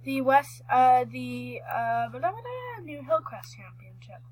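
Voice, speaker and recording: A woman giving chatty, excitable commentary while playing a horse game, rambling and restarting her sentences. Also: high voice, slow, slight background noise, poor audio. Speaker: gaming vlogger.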